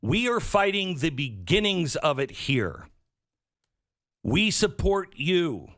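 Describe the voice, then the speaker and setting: Sarcastic talk-show man, lively pitch. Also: dry recording, studio quality. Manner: sarcastic, acts out quoted voices. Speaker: radio show host. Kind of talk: political talk commentary.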